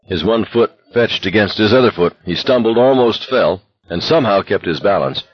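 A man narrating an audiobook in a steady, intense voice. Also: on the low side, moderate pace, slightly rough, no room sound, dull audio. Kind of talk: scripted narration.

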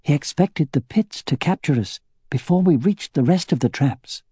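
A calm elf woman offers a measured suggestion, voiced by a man. The voice is lifted in pitch, with a soft, mellow tone and a dry sound. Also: slightly rough, dry recording. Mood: thoughtful.

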